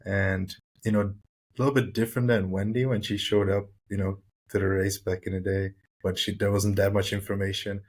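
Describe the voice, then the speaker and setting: Man, lowish voice, matter-of-fact podcast guest with plenty of fillers. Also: level tone, brisk, slightly rough. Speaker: podcast guest, new triathlete. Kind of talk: casual podcast chat.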